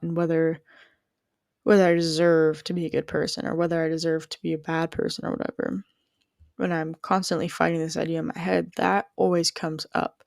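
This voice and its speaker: Young woman musing in a gravelly voice. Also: on the low side, a little mellow, dry recording, studio quality. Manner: rambling, heavy use of "like", frequent restarts. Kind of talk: reflective personal storytelling.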